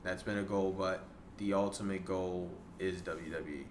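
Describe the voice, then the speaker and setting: A young man in a casual interview, an animated storyteller who acts out what other people said. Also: deep voice, moderate pace, reverberant, noisy background. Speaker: podcast guest, wrestling photographer.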